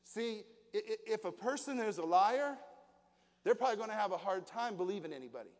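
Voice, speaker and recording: A middle-aged pastor preaches a sermon to his congregation in a folksy way, asking them questions as he goes. His male voice sits high and is animated and fairly quick. He's in a church hall, and the recording carries a long hall reverb.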